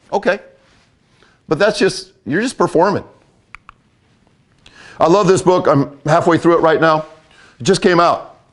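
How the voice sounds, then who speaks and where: Older male coach, higher-pitched, blunt and emphatic delivery. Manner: blunt, emphatic, repeats for effect. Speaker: football coach. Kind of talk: coaching talk.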